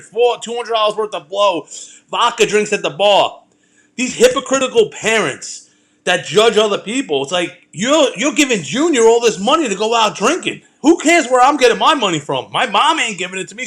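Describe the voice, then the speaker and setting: A man's voice: high voice, fairly bright tone. Profane, heated New man ranting. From Brooklyn, New York. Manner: profane, rambling, heated storytelling. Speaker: podcast host. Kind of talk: casual ranting monologue.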